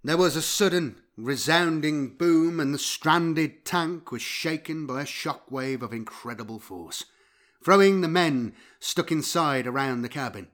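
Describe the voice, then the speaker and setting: Man narrating war fiction intensely. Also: a little high. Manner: intense, dynamic delivery with sharp swells in loudness. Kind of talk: dramatic audiobook reading.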